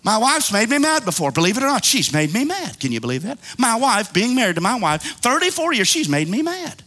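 Middle-aged man, revival preacher, call-and-response style, very high and piercing, emphatic, plain-spoken. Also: very animated, fairly quick. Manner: emphatic, swooping from shouts to hushed pleas. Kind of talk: fiery sermon.

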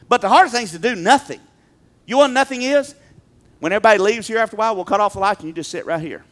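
A male pastor preaching a sermon, emphatic, swinging from loud bursts to quiet talk. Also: high voice, fast talker.

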